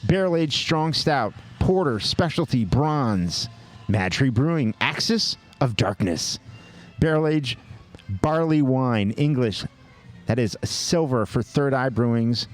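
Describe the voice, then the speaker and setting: A man co-hosting a podcast, jokingly rattling through a list of award winners with quick asides. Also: mid-range voice, lively intonation, faint music behind. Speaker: podcast co-host. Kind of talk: casual chat, reading award lists.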